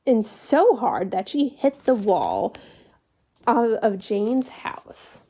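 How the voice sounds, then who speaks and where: A woman calmly and expressively reading a children's story aloud. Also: fairly high pitch, takes it slowly, husky. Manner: calm, expressive read-aloud.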